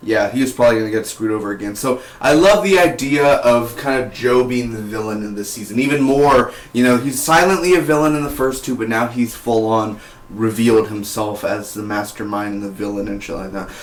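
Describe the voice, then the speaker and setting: Casual male reviewer, mid-pitched, loose rambling delivery, roomy echo. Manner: rambling, heavy on "like" and "you know". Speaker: TV series reviewer.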